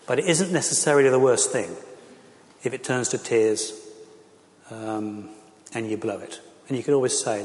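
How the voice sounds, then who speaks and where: A man's voice: fairly low pitch, measured pace, pauses often, darkish tone, slight background noise. A middle-aged man, a pastor, speaking earnestly and with passion to a church audience, with frequent fillers. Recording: echoey hall.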